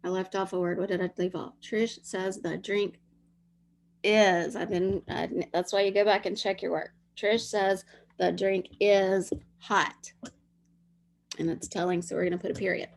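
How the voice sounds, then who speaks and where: A woman's voice: medium pitch, fairly even intonation, a little slow, creaky. A woman teacher leading young children through a dictation lesson, sounding out words and spelling them letter by letter.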